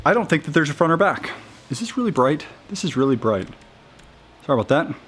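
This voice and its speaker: A man talking casually in a how-to video, halting and upbeat, with many restarts and fillers as he works. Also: fairly high pitch, very animated, a bit bright, soft background music. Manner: chatty and upbeat. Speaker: vlogger installing a roof rack.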